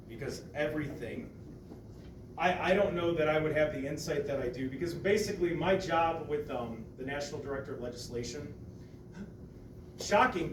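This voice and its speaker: Man, from ohio, casual chat, animated storyteller, slightly high voice, roomy distant sound. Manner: animated storyteller, acts out quotes loudly, swears casually. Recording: echoey room, mic at a distance, background noise.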